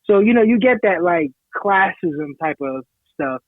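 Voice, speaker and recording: A man's voice: high voice, animated, unhurried, no echo. A man from Haiti, chatting casually as a podcast co-host and explaining things at length with self-assurance. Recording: tinny phone-like sound.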